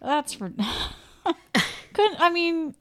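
A woman's voice: very high-pitched, very animated, extremely slow, fairly bright tone. A woman co-hosting a casual podcast, reacting to her co-host's story with dry, sarcastic quips. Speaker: podcast co-host.

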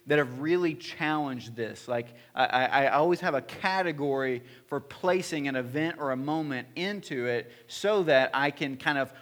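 A man's voice: mid-range voice, moderate pace, hardly any pauses, a bit bright. A man in his thirties, a pastor, preaching in an earnest, personal storytelling way with frequent restarts and fillers. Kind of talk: sermon storytelling. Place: church hall.

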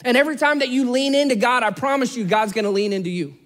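A man's voice: very high voice, fast talker, a bit bright. A man preaching a sermon in an earnest, conversational storytelling manner. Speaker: pastor.

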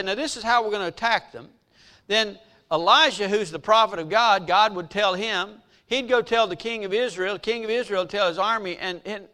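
A man preaching a sermon, retelling scripture in an animated storytelling way and acting out its people. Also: high voice, smooth. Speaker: pastor.

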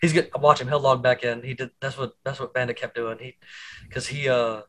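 Man host, bright tense voice, emphatic, casual swearing, chatty. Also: mid-range voice, steady tone, brisk, poor audio. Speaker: podcast host. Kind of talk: casual chat.

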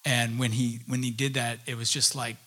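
Bright-voiced man preaching a sermon. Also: medium pitch, level tone. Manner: personal storytelling, halting restarts and many asides. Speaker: pastor.

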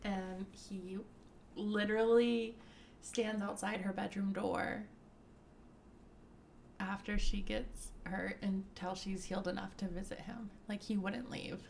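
Brief: woman co-host, mid pitch, gravelly fry, relaxed recap, faint hiss. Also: takes it slowly. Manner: relaxed storytelling recap, plays quoted lines. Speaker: podcast co-host reviewing a book. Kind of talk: casual chat.

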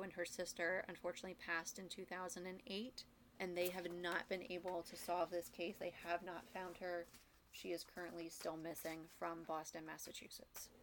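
A young woman co-hosting a casual podcast, chatty and quick to laugh, speaking into a podcast microphone. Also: lowish voice, a little hiss or hum. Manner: chatty, laughs often, uses fillers. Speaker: podcast co-host.

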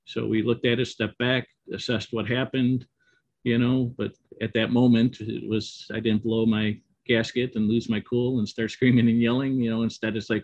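A middle-aged man who co-owns an auto repair shop, answering interview questions in a relaxed, rambling way with many ums and you-knows. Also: mid-range voice, normal speed. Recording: dull, slightly muffled dry audio.

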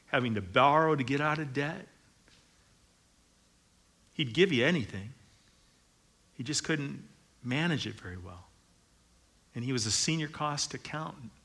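A middle-aged pastor with a mid-range, sharp-toned voice preaches a sermon. He keeps it conversational with joking asides, then builds to emphatic declarations.

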